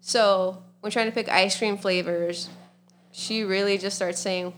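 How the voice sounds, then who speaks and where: A woman's voice: mid-range voice, fairly even intonation, normal speed, a little hiss or hum. A young adult woman co-hosting a podcast, chatty and laughing often as she tells a story. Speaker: podcast co-host. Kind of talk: casual chat.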